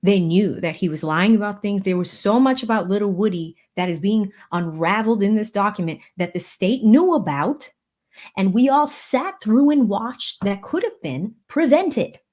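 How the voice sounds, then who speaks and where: Brief: woman streamer from the Boston area, casual and gushing, rattles off shout-outs and thank-yous. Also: medium pitch. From Boston area, USA. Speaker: livestream host of a legal commentary channel. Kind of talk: casual livestream chat, reading viewer donations.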